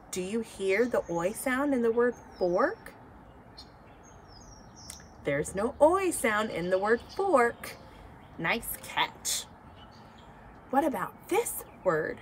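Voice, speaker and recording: Woman, teacher, children's phonics lesson, slow, very melodic, encouraging, faint background hiss. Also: mid-range voice. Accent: American. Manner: slow, encouraging, sing-song teacher talk.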